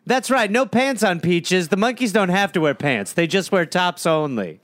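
Comic bit: a man voicing a cheery showroom presenter with a monkey, bright and tight, dry sound. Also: high-pitched, expressive, moderate pace, no echo. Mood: chipper. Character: cheery male presenter showing off a costumed monkey.

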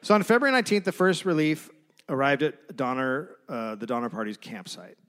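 A man co-hosting a comedic history podcast, reading out old quotes and breaking into shouted silly voices. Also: medium pitch, animated, brisk. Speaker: podcast co-host.

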